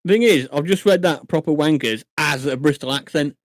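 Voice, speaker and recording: A man's voice: on the high side, moderate pace, dry recording, clean studio sound. A man from Shropshire, chatting casually on a live stream, swearing and laughing often. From England, Shropshire. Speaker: livestreamer.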